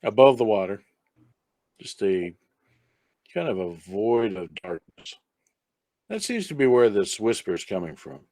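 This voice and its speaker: A man's voice: fairly low pitch, big pitch swings, a little slow, long pauses, mellow, no echo. A man as game master, narrating a tabletop game in an easygoing, chatty way. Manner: easygoing, chatty, breaks off to talk to a pet.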